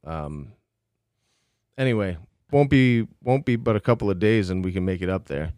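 A man playing his character in a tabletop game, speaking hesitantly with many pauses. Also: lowish voice, expressive, darkish tone, smooth, no room sound, clean studio sound. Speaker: player.

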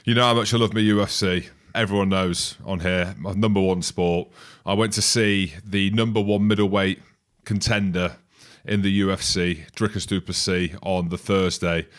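A man's voice: low-pitched, steady tone, normal speed. A man in his forties, a podcast co-host and former rugby player, telling a story in casual chat, self-mocking and laughing often. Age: 40s.

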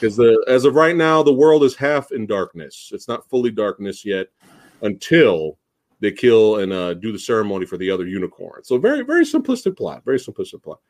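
A man hosting a podcast, chatting casually and excitedly about a movie, swearing freely and restarting his sentences. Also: on the low side, brisk. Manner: excited, profane, lots of fillers and restarts. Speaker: podcast host. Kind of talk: casual chat.

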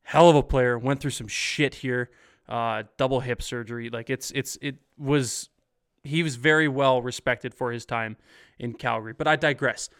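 A man's voice: medium pitch, fairly even intonation, moderate pace, a bit bright, clean tone. A man hosting a casual post-game hockey stream, reading viewer comments in an upbeat, chatty way. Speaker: podcast host.

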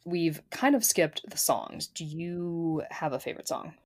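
A woman's voice: on the low side, unhurried. A woman hosting a podcast in casual chat, steering the talk with dry asides. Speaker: podcast host.

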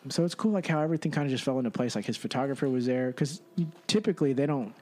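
A man in his thirties from Texas telling animated stories in casual chat, swearing freely. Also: medium pitch, racing. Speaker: podcast guest.

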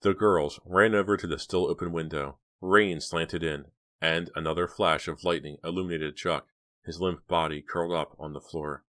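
Deep-voiced male audiobook narrator. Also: fairly even intonation, normal speed, fairly bright tone. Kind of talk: scripted narration.

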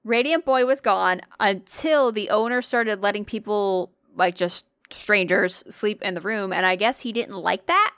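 A woman's voice: medium pitch, measured pace, hardly any pauses, a bit bright, clean tone, dry recording, studio quality. A young woman co-hosting a casual podcast, telling ghost stories in a chatty way, swearing and laughing often. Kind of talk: casual chat.

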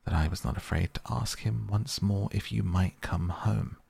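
A man voicing an excited little girl, gleeful and eager, in a sleep-story reading. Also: fairly low pitch, moderate pace, gravelly, husky, no room sound, full character voice. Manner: gleeful, pleading.

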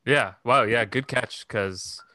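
Speaking slowly at a medium pitch, this young podcast co-host talks casually about a movie, hesitating and restarting often amid many fillers. His tone is bright and forceful. The audio is clean studio sound without echo.

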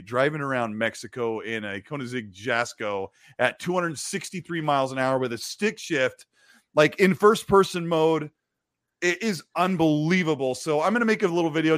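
A man's voice: fairly high pitch, fairly bright tone, no echo, studio quality. A man hosting a live gaming show, chatting casually and reading viewer messages aloud. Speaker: host of a gaming stream show. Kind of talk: casual live-stream chat.

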